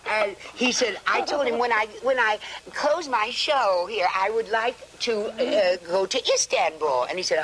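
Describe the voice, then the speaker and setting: High swoopy lady telling a funny story on a tv show, lots of hiss. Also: animated, moderate pace. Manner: theatrical, giggly storyteller. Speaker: guest. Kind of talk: anecdote on a TV chat show. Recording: old TV broadcast with hiss.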